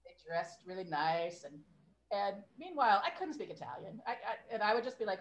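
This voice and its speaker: A woman's voice: medium pitch, big pitch swings, brisk, dull audio. A woman in her fifties, a podcast guest, chatting casually and laughing at herself. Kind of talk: casual chat.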